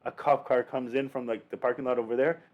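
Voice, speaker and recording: A young man co-hosting a podcast, telling a story in a lively way, swearing and acting out shouts. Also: mid-range voice, quick pace, narrow, tinny audio. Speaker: podcast co-host. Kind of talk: casual chat.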